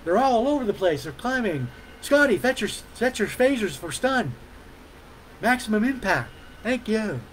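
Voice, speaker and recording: A man's voice: high voice, sing-song, normal speed, a bit bright, a little hiss or hum, voice pushed up, rough recording. A man doing a drawling cowboy captain impression. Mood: mock dramatic. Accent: put-on southern drawl. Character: man impersonating a famous starship captain in a cowboy hat.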